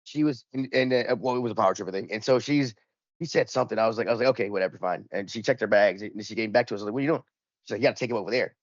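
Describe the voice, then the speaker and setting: Fast-talking man telling a rambling story. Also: fairly low pitch, no echo. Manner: rambling, profane, lots of repeated restarts; acts out both sides of the argument. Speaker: podcast co-host. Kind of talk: casual storytelling chat. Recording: dull lo-fi dry recording.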